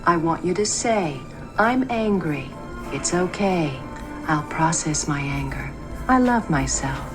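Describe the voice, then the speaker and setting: A man voicing a calm, preachy self-help coach who coaxes gently and speaks slowly, raising his voice above his usual pitch. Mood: soothing. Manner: slow, gentle, coaxing. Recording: music playing behind the voice. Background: music.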